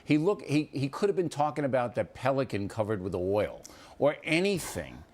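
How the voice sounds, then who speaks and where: A male TV host talks bluntly, his pitch swinging widely as he presses each point. He cuts in on his guest. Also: very animated, normal speed, a little mellow. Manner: blunt, emphatic, interrupts. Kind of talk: opinionated talk-show banter.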